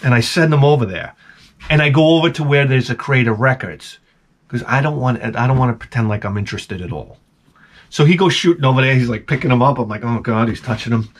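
A man with a young son, telling a rambling, animated story as a toy collecting vlogger. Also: medium pitch, quick pace, slightly rough. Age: adult with a young son. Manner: rambling, animated, acts out quoted voices. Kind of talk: casual storytelling monologue.

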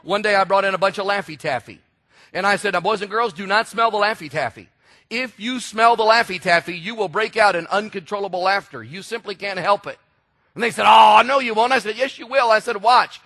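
High, bright-voiced animated male preacher. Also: brisk. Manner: animated storytelling preacher, shouts for emphasis. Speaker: pastor. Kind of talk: sermon.

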